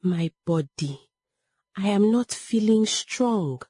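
A woman's voice: mid-range voice, animated, slow, mellow, husky, no room sound, clean studio sound, voice pushed up. A woman voicing a weak, sick mother who speaks in a faltering way.

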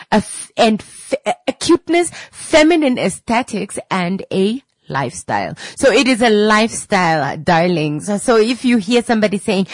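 A woman's voice: medium pitch, dry recording. A woman hosting a live radio talk show from the studio, chatty and playful, repeating words for effect and calling her listeners darlings. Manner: playful and chatty, breaks into sung vocal riffs and sound effects. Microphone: studio microphone.

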